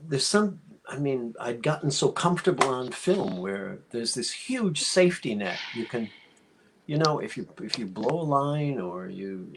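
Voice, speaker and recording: A man actor on a festival panel, telling a story in an animated way with many fillers. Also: medium pitch, measured pace, noisy background. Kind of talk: panel discussion.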